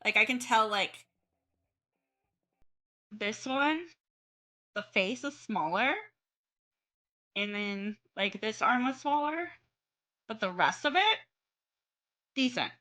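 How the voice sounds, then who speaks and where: Slow-talking bright young woman streamer. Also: a little high, expressive. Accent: Midwest-Southern American. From southern United States. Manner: rambling, self-correcting, chatty. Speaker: art streamer. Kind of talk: casual chat while drawing.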